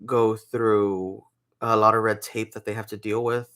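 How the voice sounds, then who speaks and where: A man's voice: on the low side, flat delivery, unhurried, a bit bright. A young man chatting casually to camera in a home vlog, rambling with restarts while feeling unwell with a sore throat. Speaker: vlogger.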